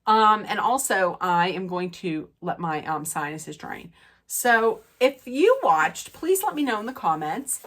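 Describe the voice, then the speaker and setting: A woman's voice: mid-range voice, big pitch swings, a little slow, fairly bright tone. A woman vlogger recapping and ranting about a reality TV episode in a rambling, casual way, with a nasal, stuffy voice from draining sinuses. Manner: chatty, rambling with many fillers and restarts.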